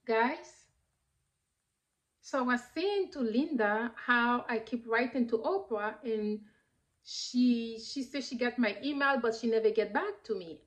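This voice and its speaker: A woman in her thirties whose first language is French, telling a personal story in a lively way, with many fillers and bursts of laughter. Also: a little high, unhurried. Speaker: vlogger. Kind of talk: casual storytelling.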